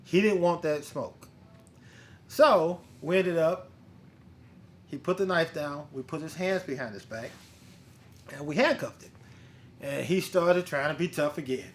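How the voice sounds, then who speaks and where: Male host with a fairly high voice, a casual, profane storyteller who quotes the people in his story. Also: measured pace, long pauses, slight background noise. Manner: blunt, profane, animated retelling with quoted dialogue. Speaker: bounty hunter and podcast host.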